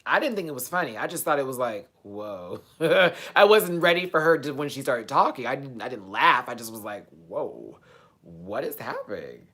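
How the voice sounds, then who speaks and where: Chatty woman with a very deep voice, talking to viewers. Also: a little fast, hardly any pauses. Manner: chatty and excitable, jumps between loud outbursts and mumbles. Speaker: livestream host. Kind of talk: casual live chat, answering viewers.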